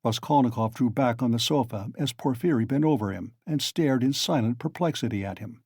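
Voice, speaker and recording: Man narrating a classic novel, dark tone. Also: medium pitch, normal speed, hardly any pauses, husky, dry recording, clean studio sound. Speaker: audiobook reader.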